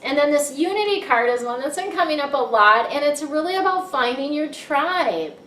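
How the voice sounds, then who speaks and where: A woman's voice: high voice, animated, normal speed, sharp tone, a little hiss or hum. A woman giving a casual, upbeat monthly tarot reading who often checks in with "right?". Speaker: tarot card reader. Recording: echoey room, mic set far off.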